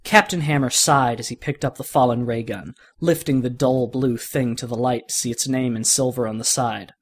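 A man hosting a podcast and reading a fan fiction story aloud in a steady, conversational way. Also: medium pitch, moderate pace. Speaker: podcast narrator.

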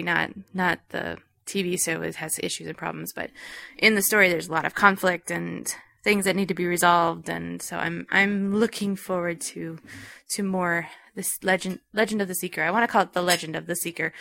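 Woman podcast host, gravelly, rambling intro, dry close sound. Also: on the low side, steady tone, fairly quick, a bit bright, dry recording. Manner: rambling, self-correcting.

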